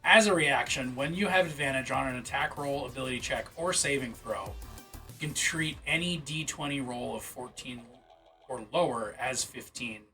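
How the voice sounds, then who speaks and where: A man's voice: medium pitch, moderate pace, sharp tone, faint music behind. A man streaming live, reading game rules aloud and reacting in loose, casual talk with the odd swear word. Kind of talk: casual livestream commentary.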